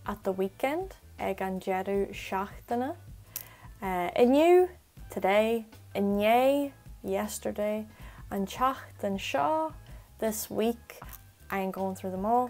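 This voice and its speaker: A woman tutor talks through phrases in a relaxed, chatty lesson, racing through her explanations and slowing down to repeat each example. Her voice has a gravelly edge. Soft music plays faintly under her. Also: mid-range voice. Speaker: Irish language tutor. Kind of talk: casual spoken language lesson.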